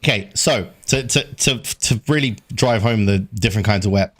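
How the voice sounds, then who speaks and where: A man's voice: lowish voice, normal speed, a bit bright, slight background noise. A man chatting on a podcast who tells stories with animation and acts out the people he quotes. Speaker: co-host. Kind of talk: casual podcast chat.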